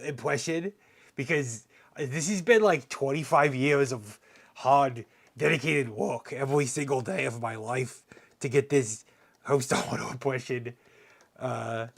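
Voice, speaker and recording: Streamer, male, gravelly voice, rambling, self-mocking chat during a hands-on repair. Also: mid-range voice. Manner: murmurs to himself while working. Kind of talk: casual live-stream chat while repairing hardware.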